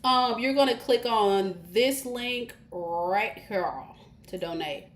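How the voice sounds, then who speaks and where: A woman with a slightly high voice slowly works through a live-streamed tarot reading, talking casually and directly to viewers. The sound has a roomy echo and a faint hiss.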